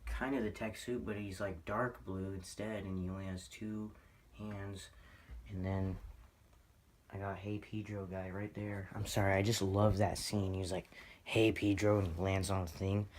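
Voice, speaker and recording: A man vlogging about his toy collection, rambling and excitable, poking fun at his own spending. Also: low-pitched, moderate pace, a little hiss or hum. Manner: excitable, rambling, self-mocking. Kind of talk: casual rambling vlog.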